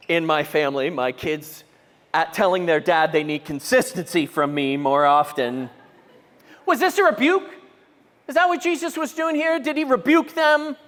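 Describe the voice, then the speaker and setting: A middle-aged man preaching a sermon as pastor, animated storytelling, acting out quotes and asking the room questions. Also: high-pitched. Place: church auditorium. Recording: long reverb of a church hall.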